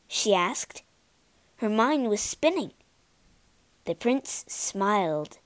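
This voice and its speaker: A woman reading a storybook aloud in an expressive, unhurried way. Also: medium pitch, dry recording.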